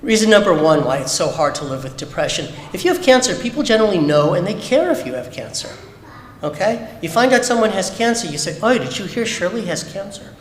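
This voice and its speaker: A man's voice: high voice, sing-song, fast. A man giving a candid, emphatic personal talk at a Shabbat service, full of rhetorical questions. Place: synagogue sanctuary. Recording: echoey hall with long reverb.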